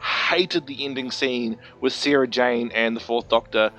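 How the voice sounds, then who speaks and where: A man's voice: medium pitch, fairly even intonation, unhurried, sharp tone. A man co-hosting a podcast in casual chat, eager and opinionated, often correcting himself mid-sentence. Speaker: podcast co-host.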